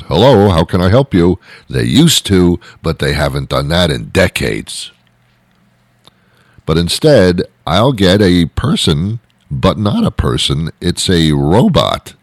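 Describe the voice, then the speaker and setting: A man's voice: deep voice, very animated, measured pace, no room sound. A man delivering an exasperated, comic rant with lots of repetition and restarts. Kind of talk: ranting monologue.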